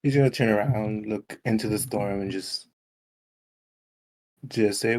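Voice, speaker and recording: A man's voice: fairly low pitch, a little slow, long pauses, darkish tone. A man playing a tabletop game, describing his character's moves in a laid-back way. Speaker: player.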